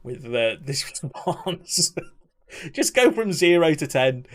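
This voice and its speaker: A man's voice: mid-range voice, expressive, a little slow. Chatty young man streaming. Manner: chatty, laughs often, mock-outraged ranting. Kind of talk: casual live-stream commentary.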